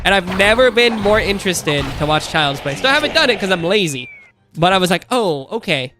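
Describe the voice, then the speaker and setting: A man's voice: high voice, expressive, brisk, over music. A man in his thirties chatting casually on a live stream, rambling through asides and laughing often.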